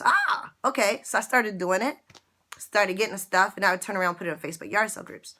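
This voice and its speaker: A woman's voice: medium pitch, lively intonation, fast, sharp tone. A middle-aged woman giving an earnest, emotional personal testimony to her viewers, repeating phrases for emphasis. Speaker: online business vlogger.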